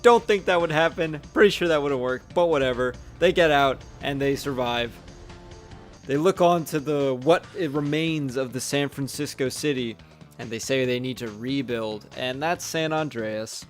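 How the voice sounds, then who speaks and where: A man's voice: medium pitch, moderate pace, soft background music. A young man giving a casual, sarcastic movie review voice-over, blunt and swearing offhandedly.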